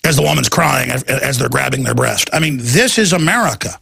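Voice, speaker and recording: A man's voice: a little high, animated, quick pace, vocal fry, few pauses, bright, forceful tone, husky, no room sound. A man hosting a talk show, delivering a rambling, ranting monologue full of restarts and stammers, acting out other people's voices. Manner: acts out quoted people in shifting voices.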